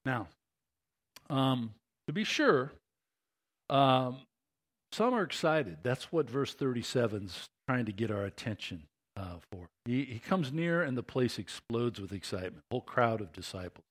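A man's voice: mid-range voice, expressive, measured pace. A man preaching a sermon as pastor, talking conversationally and building to impassioned emphasis.

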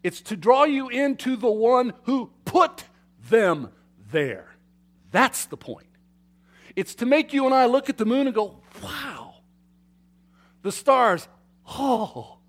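A man preaching a sermon to his congregation, swinging between loud emphatic declarations and quiet asides, often asking them questions. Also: very high-pitched, very animated, unhurried. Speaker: pastor. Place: church sanctuary.

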